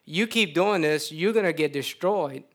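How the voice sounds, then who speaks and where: A man voicing a wicked but blunt wife who warns her husband to stop. The delivery stays plain and direct, pitched fairly high. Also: normal speed, fairly bright tone, lightly acted. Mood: warning. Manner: blunt, warning. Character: blunt scheming wife of an official.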